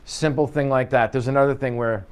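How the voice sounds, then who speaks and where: A man leading a live sales training session in an office, coaching with energy and acting out quick client exchanges. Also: mid-range voice, steady tone, clean tone. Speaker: real estate sales trainer. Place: office meeting room.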